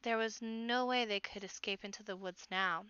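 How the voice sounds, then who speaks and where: A woman reading a children's novel aloud in an expressive storybook manner. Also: medium pitch, moderate pace, smooth, no echo, muffled recording.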